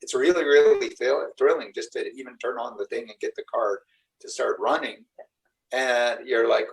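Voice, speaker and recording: A man's voice: medium pitch, normal speed, distant mic, poor audio. Middle-aged man, spiritual teacher, mid-range voice, loose earnest storytelling to a group. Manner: rambling, earnest storytelling with acted-out quotes. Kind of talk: live group teaching talk.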